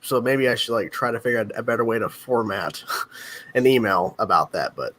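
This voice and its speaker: A man co-hosting a casual livestream chat over a video call, talking quickly and rambling. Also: medium pitch, a bit bright. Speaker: livestream co-host.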